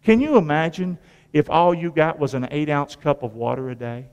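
A man's voice: fairly high pitch, moderate pace, a little mellow, smooth, lo-fi sound. Preacher man, folksy call and response sermon, long echo from the church hall. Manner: call-and-response preaching, asking the congregation questions; folksy, repetitive emphasis with sudden rises and drops. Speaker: pastor.

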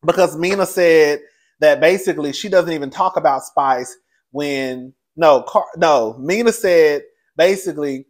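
A man hosting a casual recap vlog, talking in a sassy, animated way with frequent laughs and calling his listeners "girl" and "child". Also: a little high, measured pace. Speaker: show reviewer and host. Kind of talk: casual reality TV recap commentary.

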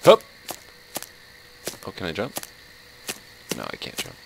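A man's voice: low voice, wildly swooping pitch, slow, gravelly, noisy background. A man giving sarcastic, jumpy commentary on a horror game, yelping and laughing at the scares. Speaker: let's play host.

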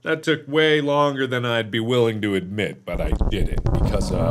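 A man giving let's play commentary as a gaming host, switching between loud theatrical shouts and low muttered asides. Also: moderate pace, few pauses, heavy background noise.

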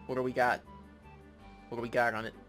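A young man talks over his gameplay in a bright, forceful voice, cracking crude jokes and swearing freely. Faint game music plays underneath him. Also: mid-range voice, level tone, a little fast. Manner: crude, joking trash talk with lots of swearing. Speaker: gaming YouTuber. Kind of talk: casual let's play commentary.

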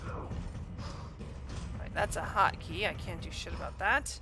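A woman doing let's-play commentary on a horror game, excitable and profane, swinging between groans and shrieks. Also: fairly low pitch, a little slow, background noise. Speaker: game streamer.

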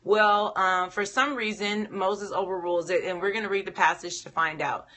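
A woman giving a casual Bible devotional, talking conversationally with many fillers and acting out the story's speakers in lively voices. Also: mid-range voice, normal speed. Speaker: devotional teacher.

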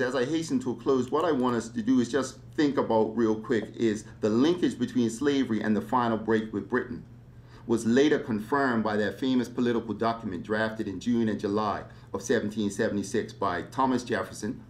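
A man giving a public history lecture, animated and fond of rhetorical questions. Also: fairly low pitch.

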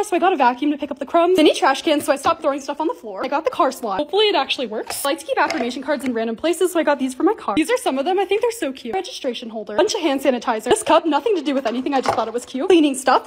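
A young woman narrating her own lifestyle vlog in a bubbly, excitable, casual way. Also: high voice, slight background noise. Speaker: lifestyle content creator.

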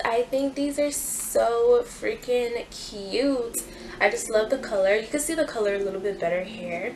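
A woman's voice: on the high side, slight background noise, rough recording. A young woman hosting a casual clothing haul vlog, chatty and gushing, with lots of fillers. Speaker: fashion YouTuber.

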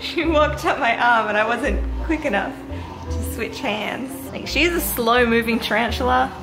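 A woman chatting in a casual home vlog, cheerful and fond as she explains things gently. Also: on the high side, normal speed, gravelly, music in the background. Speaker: vlog co-host, pet owner. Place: at home indoors.

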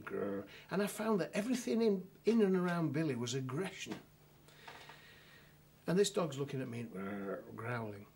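A man's voice: mid-range voice, a little hiss or hum. A middle-aged man with a northern English accent, telling a dry anecdote as a solicitor in a documentary interview, with many restarts and fillers.

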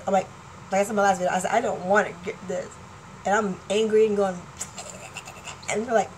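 A woman's voice: mid-range voice, steady tone, fairly quick, pauses often, slight background noise, rough recording. Rambling, laughing woman in her forties. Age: 40s. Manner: chatty, laughing, jumps between topics. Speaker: vlogger. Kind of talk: rambling casual chat to fans.

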